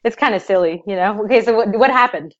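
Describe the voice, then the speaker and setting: A young adult woman, a guest in an interview, telling her story in a casual, animated way with laughing asides. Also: mid-range voice, fast talker, muffled recording.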